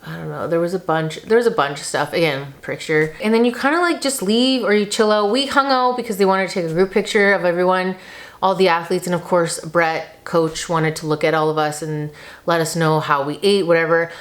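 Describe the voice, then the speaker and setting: A woman in her thirties talks casually to the camera in a vlog, her fairly low voice moving at a brisk pace. She is chatty and emotional, tearful and on the verge of crying, and says "like" a lot.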